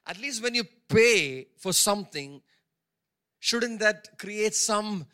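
Emphatic high-voiced male pastor preaching. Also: expressive, slow pace, pushed and bright, clean tone. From India. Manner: emphatic, repeats phrases for stress; acts out characters' words in his own voice. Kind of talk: sermon.

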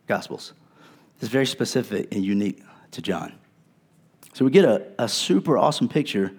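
A man's voice: mid-range voice, darkish tone. A male pastor preaching a sermon in a conversational, earnest way, with casual asides to his congregation.

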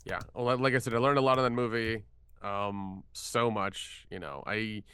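A man on a podcast telling a story from a film set in a rapid, profane way, with many restarts. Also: lowish voice, steady tone, sharp tone, clean tone. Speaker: podcast co-host, filmmaker. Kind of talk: casual podcast chat.

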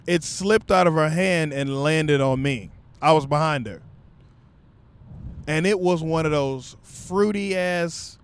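A young man vlogger telling a comic story in loose, profane, conversational talk. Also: on the high side.

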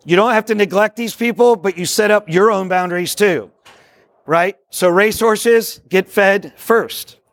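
A man with a high voice leads a workshop in a meeting room, talking excitably and jumping from point to point. His delivery is jokey and preacherly, and the sound is dry and close. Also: a little slow, no echo. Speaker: workshop speaker on discipleship. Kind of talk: live workshop talk to a group. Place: meeting room with a live audience.

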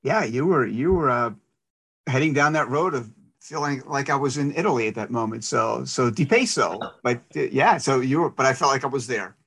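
A man's voice: mid-range voice, animated, moderate pace, gravelly, a bit bright, slightly rough. A man in his fifties, a guest in a casual interview, speaking conversationally. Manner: conversational, with fillers. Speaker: guest, security industry professional.

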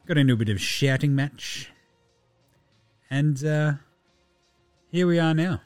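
An Australian man hosting a sports podcast on his own, with a voice pitched a little high for a man. He rattles along loosely, swears freely and keeps breaking into laughter. He is recorded close on a dry mic, with faint music underneath. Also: unhurried, a little mellow, dry recording. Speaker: podcast host. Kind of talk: casual solo sports podcast.

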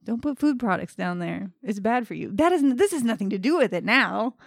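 A woman co-hosting a podcast in casual chat, teasing and quick with jokes. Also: fairly high pitch, lively intonation, creaky, no room sound, clean studio sound.

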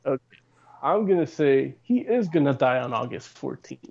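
A man hosting a casual podcast, rambling along and stumbling over his words before finding his point. His voice sits in a middle pitch. The recording is a little dull and lo-fi. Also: lively intonation, normal speed, vocal fry, darkish tone, a little hiss or hum. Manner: rambling, full of fillers and restarts. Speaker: podcast host. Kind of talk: casual chat. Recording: slightly dull lo-fi sound.

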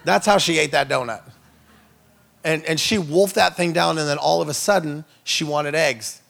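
Man, guest minister, humorous storytelling sermon, asides to the crowd, fairly high, gravelly. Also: normal speed, a bit bright. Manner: jokey storytelling with asides to the audience. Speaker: itinerant minister, guest speaker.

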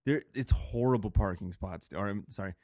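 A man's voice: fairly low pitch, moderate pace, mellow, dry recording, studio quality. A man co-hosting a show, talking in crude, rambling casual banter, swearing a lot and laughing often. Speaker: podcast co-host.

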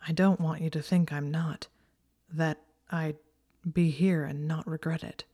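A woman voicing a guarded young wizard who apologizes quietly and intensely, often under his breath. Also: low-pitched, steady tone, measured pace.

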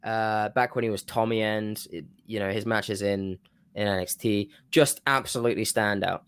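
A man on a casual podcast, rambling and stopping himself mid-thought as he pitches a wrestling storyline. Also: fairly even intonation, normal speed, a bit bright, clear, resonant tone, dry recording. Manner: rambling, self-interrupting. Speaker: podcast co-host. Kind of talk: casual wrestling fantasy-booking chat.

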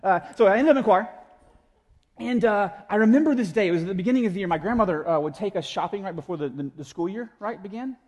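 A man preaching a sermon in an animated, conversational way, slipping into voices for the people in his stories. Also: sits high, quick pace. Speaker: pastor. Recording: echoey hall with long reverb.

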